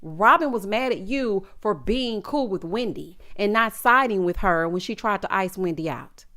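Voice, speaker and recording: A woman's voice: mid-range voice, lively intonation, moderate pace, a bit bright. Sassy gossiping woman recapping reality TV. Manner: sassy, gossipy, says "honey" and "child" often. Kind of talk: casual recap commentary.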